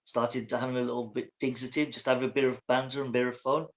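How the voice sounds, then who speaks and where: A man's voice: mid-range voice, level tone, fast. A man in his fifties in casual panel chat, telling jokey anecdotes. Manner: anecdotal, joking.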